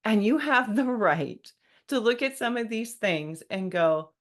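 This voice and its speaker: A woman's voice: fairly high pitch, expressive, a little slow. A woman hosting a solo podcast, talking in a wry, conversational way and mock-quoting what people say. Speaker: podcast host.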